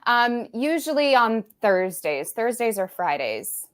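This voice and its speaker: A woman's voice: a little high, big pitch swings, slow. A woman in her forties, a podcast guest talking frankly and matter-of-factly over a video call. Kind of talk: casual video-call chat.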